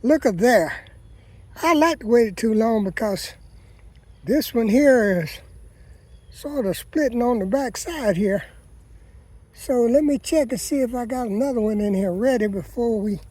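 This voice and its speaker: A man's voice: very high-pitched, mellow, breathy edge. A man chatting folksily to viewers as he walks his vegetable garden, often calling them "people.". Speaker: gardening vlogger. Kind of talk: casual garden walkabout vlog.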